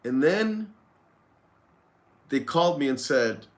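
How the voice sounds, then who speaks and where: A man's voice: on the high side, animated, takes it slowly. A man who runs a lawn care business, candidly telling a story in a casual vlog, rambling and swearing freely.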